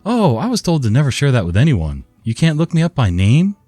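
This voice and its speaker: A man's voice: mid-range voice, huge pitch swings, fairly quick, mellow, no echo, soft background music, voice pushed up. A man voicing a stubborn, evasive male caller in a whiny, raised voice.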